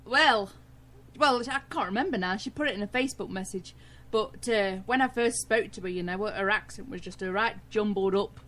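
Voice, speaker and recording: A woman's voice: mid-range voice, moderate pace, a bit bright. A woman with a British accent co-hosting a radio show, chatting cheerfully and laughing often. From Britain. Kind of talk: casual radio chat.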